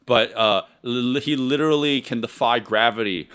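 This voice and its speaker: A man's voice: medium pitch, moderate pace, a bit bright, smooth. A man co-hosting a podcast, rambling and sarcastic in a casual film discussion, laughing often. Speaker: podcast co-host. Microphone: podcast mic.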